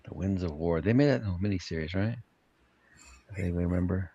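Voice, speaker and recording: A man's voice: sits low, fast, warm tone, dry recording, dull audio. A man co-hosting a stream, talking in a laid-back way and telling stories with frequent chuckles. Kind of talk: casual chat.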